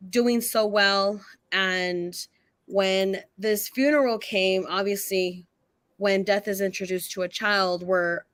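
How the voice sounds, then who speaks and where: A woman guest on a live interview, telling a personal story in an animated way and laughing often between her sentences. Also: mid-range voice. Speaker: guest psychic medium.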